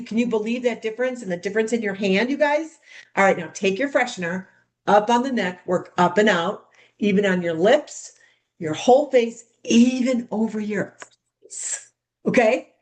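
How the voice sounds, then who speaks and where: A woman coaching others how to run a skincare party, demonstrating steps in a bubbly, chatty way and calling the group "you guys". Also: medium pitch. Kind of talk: hands-on demonstration talk.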